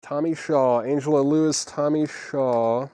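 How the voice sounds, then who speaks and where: A man's voice: a little high, steady tone, dark tone, smooth. A man running a live online record sale, rattling off titles and prices and thinking aloud as he checks sleeves. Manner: brisk listing of items and prices, thinking aloud. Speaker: live-stream record auctioneer. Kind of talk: live sales stream patter.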